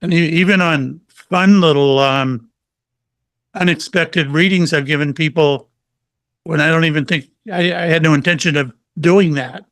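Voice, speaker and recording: Speaking at an ordinary speed in a high-leaning voice with no echo, a middle-aged man guesting as a psychic medium tells stories in a casual interview. He's animated and acts out the quotes.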